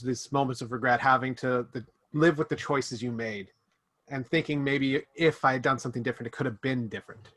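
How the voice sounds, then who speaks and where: A man running a tabletop game as game master, narrating scenes in a slow, descriptive, brooding way. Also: mid-range voice, fairly bright tone.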